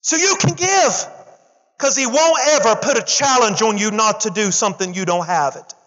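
A very high-pitched male pastor preaches an animated sermon in a church, voicing the story's characters in casual slang and urging the congregation to answer back. The recording is dull and lo-fi, with a long reverb trailing each phrase. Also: normal speed. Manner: animated preaching, calls for audience response.

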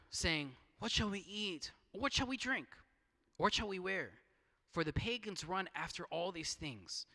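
High bright-voiced preacher in a reverberant hall. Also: male voice. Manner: conversational preaching with rhetorical questions and frequent restarts. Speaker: pastor. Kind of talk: sermon.

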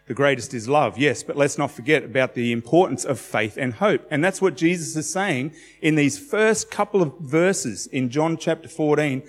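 A man's voice: a little high, moderate pace, hardly any pauses, big-room sound. A man preaching a sermon in a conversational, emphatic way, telling stories with animation.

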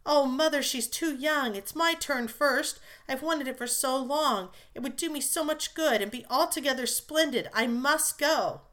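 A woman's voice: medium pitch, normal speed, a bit bright, close to an everyday voice. A woman reading aloud as a blunt, spirited young woman who bursts into impulsive, emotional pleas. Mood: pleading.

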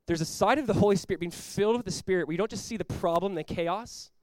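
A pastor preaching a sermon in a quick, rushing delivery, his voice sitting a little high for a man. He is earnest and emphatic, doubling words as he presses each point home. The sound is close and dry. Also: no room sound, rough recording. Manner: acts out short quoted voices.

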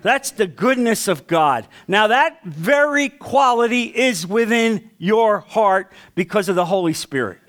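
A male pastor preaching a sermon with passion, asking the congregation questions and swinging from loud to hushed. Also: high-pitched, animated, measured pace, hardly any pauses.

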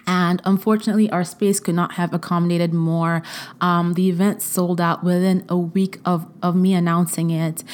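A woman's voice: on the low side, a little mellow. A woman in her thirties hosting a solo podcast, talking effusively and emotionally, with frequent fillers and repeated words. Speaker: podcast host.

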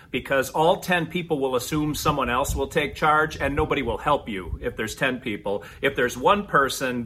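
A man co-hosting a podcast, telling stories in a casual, animated chat with quick asides. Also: medium pitch, husky. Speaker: podcast co-host.

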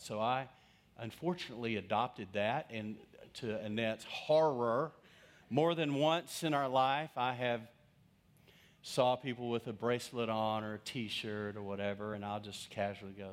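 A man's voice: medium pitch, moderate pace. A male pastor preaching through a humorous personal story and acting out the quoted voices of the people in it. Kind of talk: storytelling sermon.

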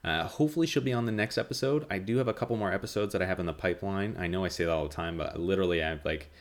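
A man hosting his own podcast, talking casually in a nasal monotone and rambling with lots of fillers and restarts. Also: sits low, very fast. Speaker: podcast host. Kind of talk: casual solo podcast chat.

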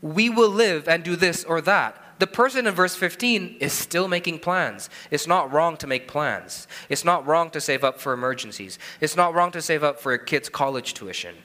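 A man's voice: fairly high pitch, expressive, normal speed, hardly any pauses, bright, forceful tone. Earnest male pastor preaching in a hall. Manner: earnest, asks rhetorical questions and repeats key phrases. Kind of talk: sermon. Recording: preached in a hall with long reverb.

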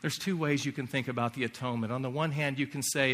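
A man preaching a sermon in earnest, sometimes dropping to a hushed near-whisper. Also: medium pitch, a little fast, hardly any pauses. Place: large hall or chapel. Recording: long hall reverb.

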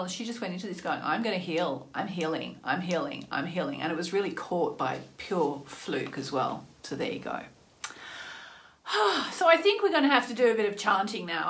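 A woman's voice: medium pitch, a bit bright. A woman chatting earnestly into her phone as the host of an astrology livestream, with many "you know" asides. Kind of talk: casual livestream chat.

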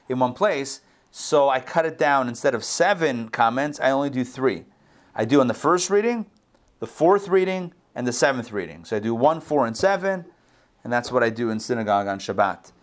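In a conversational online Bible class, a man with a mid-range voice teaches Torah over a video call, speaking casually, correcting himself and checking in with his listeners.

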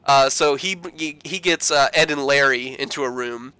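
A man in his thirties co-hosting a podcast, recapping casually and acting out quoted characters in lively voices, swearing freely. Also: medium pitch, moderate pace, clean tone, no echo, poor audio. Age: 30s. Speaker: podcast co-host.

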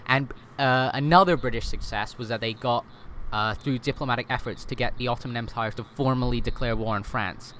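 On a laid-back history podcast, a guest with a mid-range voice talks through historical topics, tossing in fillers, correcting himself quickly, and tagging his points with "right?" There's faint background noise in the recording.

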